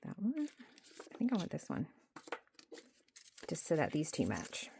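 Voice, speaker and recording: A woman with a low, mellow, gravelly voice narrates a crafting session at her home desk. Her pitch swings up and down animatedly as she thinks aloud, now and then sinking to a near-whisper. She sounds casual and chatty, and a faint hiss sits behind her. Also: wildly swooping pitch, moderate pace. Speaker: journaling creator.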